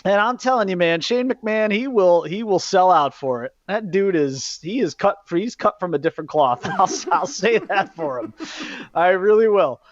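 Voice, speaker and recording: A man hosting a podcast, ranting in a casual, profane way about a wrestling event, jumping between loud outbursts and low muttering. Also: animated, moderate pace, dry recording. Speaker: podcast host. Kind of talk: casual wrestling recap rant. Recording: dull lo-fi podcast mic.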